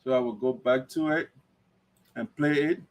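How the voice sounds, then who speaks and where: A man's voice: mid-range voice, moderate pace. A man hosting an online talk show, lecturing emphatically in livestream commentary. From Liberia.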